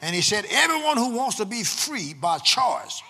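Male preacher, slightly high pitch, husky, loud drawn-out preaching broken by fast quiet asides. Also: big pitch swings, long reverb tail. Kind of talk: sermon. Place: church sanctuary.

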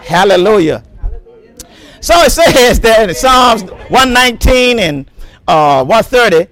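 High, lively preaching pastor. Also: male voice, slow pace, no room sound. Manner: animated preaching, repeats words, laughs often, exclaims praise. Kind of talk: sermon.

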